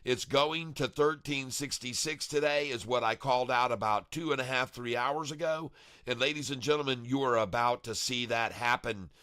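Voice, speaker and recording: A man talking on his live day-trading stream with a bright, forceful edge to his voice. His recording sounds dry and close. He rambles in a loose, showy way and keeps hyping his viewers. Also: medium pitch, normal speed, clean tone, no room sound. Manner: chatty and showy, chuckles often, hypes viewers as "ladies and gentlemen". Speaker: livestream day-trading host.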